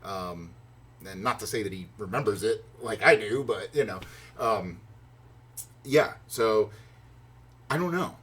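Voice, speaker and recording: A male vlogger rambles through a long personal story, full of fillers and restarts, excitedly acting out his own reactions in a higher pitch. He speaks a little slowly with long pauses and a breathy edge.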